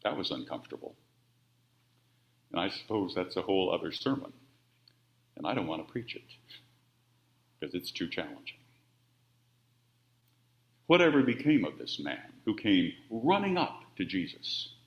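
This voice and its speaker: A man preaching a sermon, by turns emphatic and quiet. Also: normal speed, pauses often. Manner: expressive, with wide swings of pitch and volume. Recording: roomy, dull-sounding church audio.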